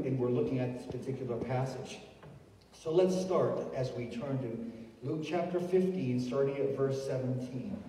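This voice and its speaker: Recorded from the pews of a church sanctuary, this sermon sounds distant and echoey, with a slight hiss or hum. The pastor's voice is on the high side but dark in tone, and he tells stories with many restarts, performing the voices of those he quotes.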